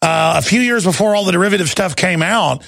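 A high-pitched, gravelly man hosts a radio talk show with an impassioned, ranting delivery. His voice is rough and husky. It sounds dry and close on a studio microphone. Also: fast, fairly bright tone, no echo. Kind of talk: heated talk radio monologue.

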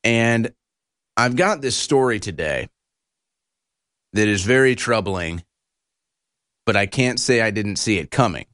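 A man's voice: lowish voice, lively intonation, unhurried, pauses often, a bit bright, no echo, studio quality. A man hosting a political commentary show, ranting in a combative, insulting and heated way.

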